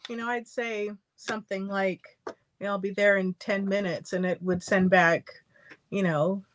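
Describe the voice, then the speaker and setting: A woman's voice: mid-range voice, expressive, moderate pace. A woman hosting a sewing livestream, chatting casually and telling stories with frequent laughter. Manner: chatty, laughs often, storytelling. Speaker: sewing stream host.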